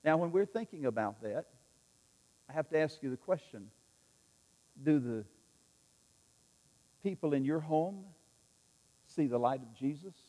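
Emphatic preacher in a reverberant church. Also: male voice, a little high, expressive, measured pace, pauses often, mellow. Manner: emphatic, repetitive, leads the audience in call-and-response. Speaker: pastor. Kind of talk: sermon. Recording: long reverb in a large hall.

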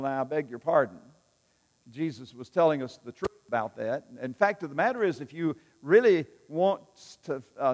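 Folksy pastor in a reverberant church. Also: male voice, on the high side. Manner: folksy storytelling with many fillers and restarts. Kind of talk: sermon. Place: church sanctuary.

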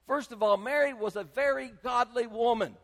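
Older pastor preaching, high voice, gravelly, lots of hall reverb. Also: male voice, normal speed. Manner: emphatic preaching, swinging between loud and soft. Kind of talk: sermon.

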